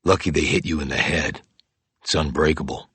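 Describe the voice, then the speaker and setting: A terse male investigator with a very deep, husky voice, as a narrator does him. He speaks in short, grim lines, recorded dry and close. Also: fairly quick, fairly bright tone, dry recording, heavily acted. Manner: terse, clipped. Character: tough, driven male investigator.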